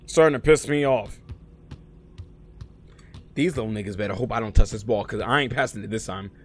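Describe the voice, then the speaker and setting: A man live-streaming a game, chatting casually and profanely with his viewers, swinging from low muttering to loud excited outbursts. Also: fairly quick, soft background music. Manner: slangy and profane, talks to chat by name. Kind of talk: casual live-stream chat while gaming.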